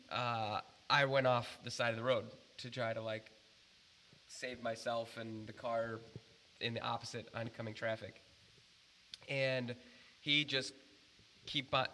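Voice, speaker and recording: A man telling a story in casual chat, animated and swearing freely, rambling with restarts. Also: medium pitch, slight background noise.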